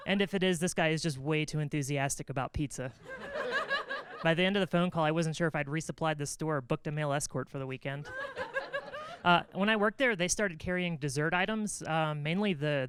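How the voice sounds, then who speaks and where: A woman's voice: sits low, slight background noise. A woman comedian performing a stand-up set, telling stories casually with frequent filler words. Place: stage at a comedy venue.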